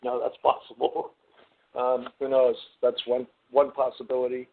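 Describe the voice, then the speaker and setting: A man's voice: medium pitch, monotone, moderate pace, creaky. Earnest male caller on a phone line. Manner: earnest, hesitant, full of restarts. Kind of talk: casual call-in radio chat.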